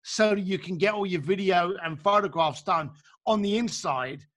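A coach speaks in a high voice at a moderate pace during a casual chat. He's animated and emphatic, acting out short dialogues to make his points.

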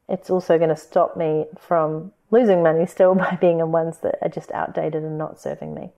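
A woman's voice: on the low side, mellow. Upbeat New Zealand woman hosting a podcast. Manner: upbeat and chatty. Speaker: podcast host. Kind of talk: solo podcast monologue.

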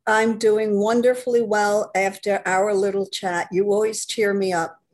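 A woman's voice: medium pitch, flat delivery, unhurried, darkish tone. A woman author as a podcast guest, telling anecdotes animatedly and acting out little quoted asides. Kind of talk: casual interview chat.

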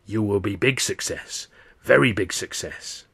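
A man voicing an ancient female fortune-teller with a harsh, rasping voice, speaking in slow, broken, halting pronouncements. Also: lowish voice, fairly bright tone, full character voice. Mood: cryptic.

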